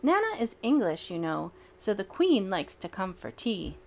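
A woman reading a children's picture book aloud in an expressive, childlike storytelling manner. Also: mid-range voice, normal speed.

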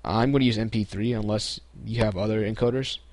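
In this relaxed screen-recorded tutorial, a young man explains a computer process step by step, um-ing a lot and restarting his sentences. His voice is fairly low and fairly quick, with no echo.

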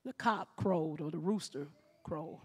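A woman pastor, preaching a lively sermon, acting out scenes and often shouting. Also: low voice, a little slow, husky. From Mississippi.

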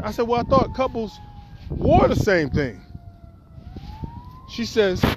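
A man's voice: high voice, unhurried, long pauses. A man telling a personal story while walking outdoors, acting out what people said. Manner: animated storyteller, acts out quotes. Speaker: poet and vlogger. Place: outdoors on a windy walk. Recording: faint wind and outdoor noise.

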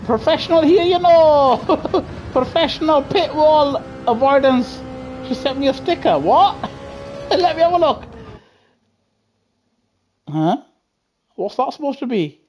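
A man's voice: extremely high pitch, animated, takes it slowly, pauses often, darkish tone, a little hiss or hum. A young British man giving live racing game commentary on a headset, bantering with chat in slang and laughing often. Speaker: gaming streamer. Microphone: gaming headset.

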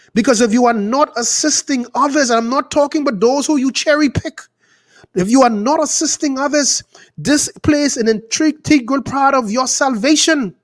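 A man preaching as a pastor, praying and exhorting his listeners in a fervent voice that rises and falls, stretching words for emphasis. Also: extremely high pitch. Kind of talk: preaching prayer and sermon.

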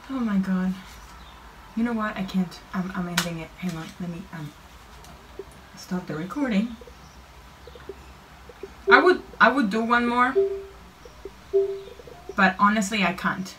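A young woman gaming vlogger offers nervous, casual reaction commentary to her viewers as she plays, swearing when something spooks her. Her medium-pitched voice is sharp, measured, and broken by long pauses. She sits distant from the mic, with clear background noise.

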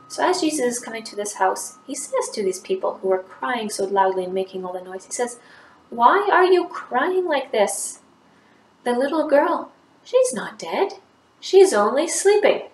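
Woman teacher telling a Bible story. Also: medium pitch. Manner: storytelling, acts out quoted lines with lifted voice. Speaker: grade 3 teacher. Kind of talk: Bible story lesson for children. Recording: echoey room, faint background noise.

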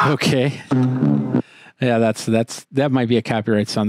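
A man giving a casual product demo, explaining each control step by step in a relaxed, chatty way. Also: mid-range voice, moderate pace, shouting, faint music behind. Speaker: tech reviewer.

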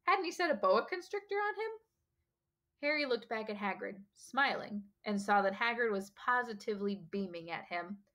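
A woman's voice: fairly high pitch, moderate pace. A woman reading a story aloud. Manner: steady expressive storytelling. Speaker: teacher.

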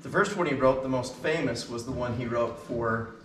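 A man's voice: medium pitch, moderate pace, a bit bright, a little hiss or hum. Enthusiastic man telling stories in an echoey hall. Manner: enthusiastic anecdotal storyteller, many fillers. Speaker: band concert speaker. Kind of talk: storytelling from stage. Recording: echoey hall, mic at a distance.

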